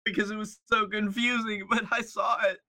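A man's voice: high voice, flat delivery, moderate pace, bright, forceful tone. A man co-hosting a comedy podcast, laughing a lot and chiming in with teasing remarks. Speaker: podcast co-host. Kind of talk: casual comedy chat.

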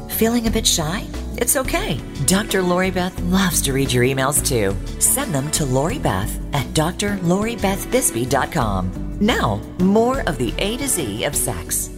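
Woman announcer, upbeat promo read, animated pitch, music underneath. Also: a little slow. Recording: music bed behind voice.

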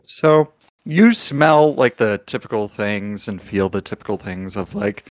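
A man acting as game master for a tabletop game, walking the players through rules and clues at an unhurried pace. His voice is gravelly and dry, as if recorded right up at the mic. He hedges often as he explains. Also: lowish voice, big pitch swings, no echo.

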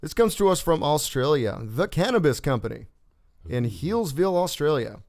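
A man hosting a casual podcast, reading news stories in a relaxed, joking way with fillers. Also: fairly high pitch, moderate pace. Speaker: podcast host.

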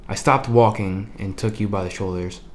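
A man reading a story aloud in an unhurried way, with small slips he corrects as he goes. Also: on the low side, steady tone. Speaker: narrator.

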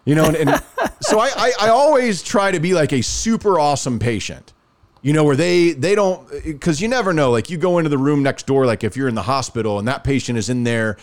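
Animated man telling a story. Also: a little high, fairly quick. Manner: animated, acts out quoted dialogue. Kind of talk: casual storytelling chat.

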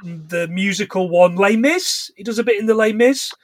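Brief: middle-aged man, podcast co-host, high voice, dry close sound, chatty and giggly, slips into silly voices. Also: moderate pace, dry recording. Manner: laughs often, retells scenes with rough put-on voices. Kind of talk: casual chat recapping a film.

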